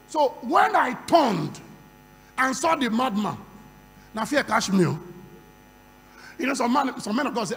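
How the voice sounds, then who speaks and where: A man's voice: very high voice, sing-song, moderate pace, a bit bright. A man preaching a sermon, calling for responses from the crowd and breaking into speaking in tongues. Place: large hall. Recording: long hall reverb.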